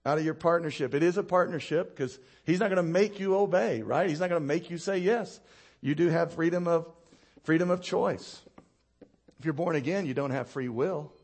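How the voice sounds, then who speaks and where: Animated male pastor preaching a sermon. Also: normal speed. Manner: animated storytelling, laughing at his own anecdotes; drops low and quiet to land points.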